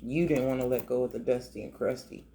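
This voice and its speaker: A man's voice: medium pitch, steady tone, fairly quick, mellow, a little hiss or hum. A man giving a casual, emotional tarot reading, talking conversationally with many restarts. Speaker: tarot reader.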